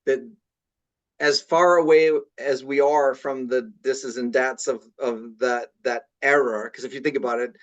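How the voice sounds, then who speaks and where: A man's voice: mid-range voice, steady tone, measured pace, highs cut off. A man from the Boston area talking casually on a podcast, often repeating words as he starts his sentences. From Boston area, USA.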